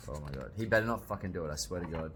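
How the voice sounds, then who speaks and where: A young man reading a manga aloud and reacting, excitable, swearing often and bursting into loud exclamations. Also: deep voice, a little hiss or hum. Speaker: manga reviewer.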